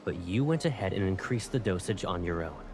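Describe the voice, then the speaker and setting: A man voicing a cool, commanding young colonel in a game, giving calm, clipped orders. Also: deep voice, fairly quick, music in the background. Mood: cold. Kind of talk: game voice acting.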